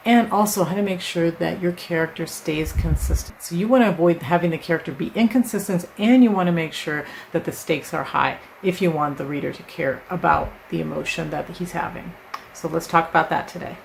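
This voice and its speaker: A woman with a low, gravelly voice teaches writing in a relaxed, conversational way, walking through an example step by step and checking in with the listener. A faint background hiss sits under her voice. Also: a little fast, low-quality recording. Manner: conversational, explains with examples and frequent "right?". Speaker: writing teacher, channel host. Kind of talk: casual instructional talk to camera.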